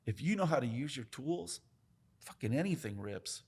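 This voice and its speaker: A man's voice: medium pitch, big pitch swings, moderate pace, darkish tone, slightly rough. A man, a tattoo artist, telling stories in a casual podcast chat, emphatic and full of swearing. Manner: profane, emphatic, talks with his hands about craft.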